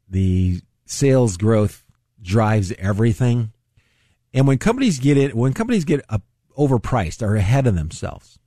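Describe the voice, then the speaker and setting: A man's voice: mid-range voice, darkish tone, no room sound, clean studio sound. Chatty male financial radio host. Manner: chatty, explanatory, chuckles often. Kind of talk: casual radio talk.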